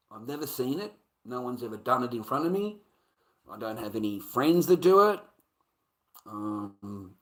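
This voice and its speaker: Swearing man telling a story. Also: mid-range voice. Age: adult. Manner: heavy swearing, animated rambling. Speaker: streamer. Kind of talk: casual livestream storytelling.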